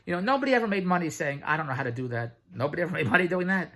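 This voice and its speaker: A middle-aged man giving a blunt, pushy sales pitch straight to the camera, repeating his slogans and swearing freely. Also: expressive, rapid-fire, hardly any pauses, a bit bright. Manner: blunt, pushy, repetitive hard sell with profanity. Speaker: online business promoter.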